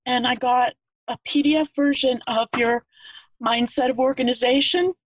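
A woman's voice: high-pitched, steady tone, no room sound, rough recording. A woman in her fifties from Pennsylvania, tearfully and earnestly sharing her story as a caller on a video call. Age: 50s. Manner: earnest, halting. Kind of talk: emotional personal testimony.

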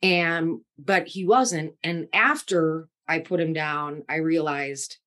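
A middle-aged woman talks as a podcast guest, her voice sitting a little low. She tells her story with candid tenderness. She acts out what people said as she goes. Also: takes it slowly, fairly bright tone. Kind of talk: emotional personal storytelling.

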